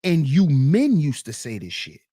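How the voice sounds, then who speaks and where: A man hosting a solo commentary show, reacting to a clip with teasing, drawn-out rhetorical questions. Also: fairly high pitch, wildly swooping pitch, dark tone. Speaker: commentary channel host.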